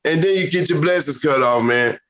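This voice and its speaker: A man co-hosting a casual podcast chat, telling stories in an animated, lecturing way. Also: on the high side, fairly quick, rough recording. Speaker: podcast co-host.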